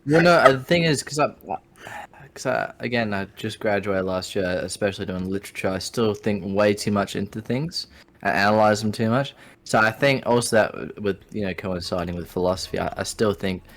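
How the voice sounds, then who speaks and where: A man's voice: lowish voice, brisk, fairly bright tone. A man, hesitant and self-analytical in casual podcast chat. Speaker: podcast co-host.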